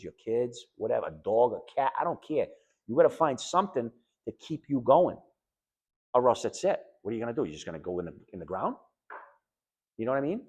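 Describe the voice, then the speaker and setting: A middle-aged man with a New England accent speaks straight to a room of listeners about what he has lived through. His delivery is blunt and emphatic, with plain everyday phrasing. His pitch sits in an ordinary middle range. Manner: blunt, emphatic, conversational, quotes others in animated voices. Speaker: patient speaker sharing his story. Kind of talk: candid personal talk to an audience.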